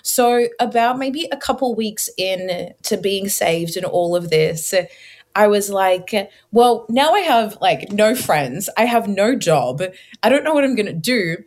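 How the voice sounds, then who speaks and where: A young woman as an interview guest, telling her faith testimony with animated storytelling and acting out her own past words. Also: mid-range voice, a little slow.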